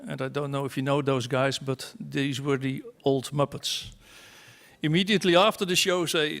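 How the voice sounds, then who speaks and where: A man's voice: mid-range voice, fairly even intonation, moderate pace, vocal fry, a bit bright. A man giving a conference talk to an audience in a wry, self-mocking way, with asides and rhetorical questions. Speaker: conference speaker. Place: conference hall.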